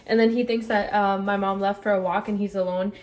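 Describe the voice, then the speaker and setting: A young woman vlogging in a casual, bubbly way, chatting excitedly to her viewers. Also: mid-range voice, brisk. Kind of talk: casual chat. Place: restaurant and car.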